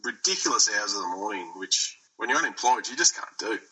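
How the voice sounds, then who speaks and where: A man's voice: on the low side, expressive, fairly quick, pushed and bright, breathy edge, poor audio. A man co-hosting a sports podcast, joking in casual banter and laughing often. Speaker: podcast co-host. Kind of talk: casual chat.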